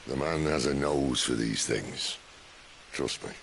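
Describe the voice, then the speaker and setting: An actor playing a gruff, defiant rebel leader in a video game, with a gravelly voice and a dry, curt delivery. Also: male voice, very deep voice, a little slow, slight background noise, heavily acted. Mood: steady.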